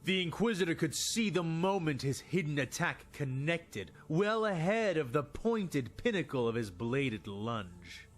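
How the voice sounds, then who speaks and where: Slow, expressive male storyteller. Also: a little high, faint music behind. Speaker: narrator. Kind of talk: scripted narration of fan fiction.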